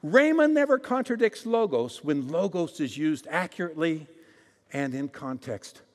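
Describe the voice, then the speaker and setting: Preacher guy with a high voice, big swings from loud to hushed, calling out to the crowd, long echo in the hall. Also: very animated, moderate pace. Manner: dramatic, swings from loud proclamations to hushed asides; calls for audience responses. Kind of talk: sermon.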